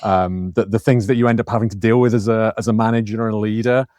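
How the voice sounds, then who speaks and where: A man in his forties with a fairly low voice, recorded dry and close. He answers interview questions conversationally and often stumbles and repeats words as he thinks. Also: steady tone, quick pace, darkish tone, dry recording. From England. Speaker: guest, company managing director.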